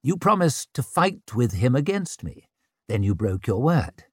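A man's voice: medium pitch, big pitch swings, a little slow, slightly rough, dry recording, studio quality. A man voicing a wry, formally polite young prince with an ironic edge.

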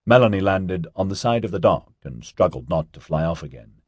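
A man narrating an audiobook in an expressive storytelling manner. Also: low voice, brisk, breathy edge, dry recording, studio quality.

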